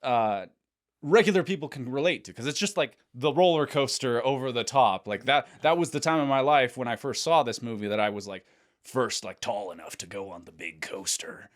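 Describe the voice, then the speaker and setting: A man co-hosting a casual film discussion podcast, jokey and quick with asides. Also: medium pitch, lively intonation. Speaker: podcast co-host.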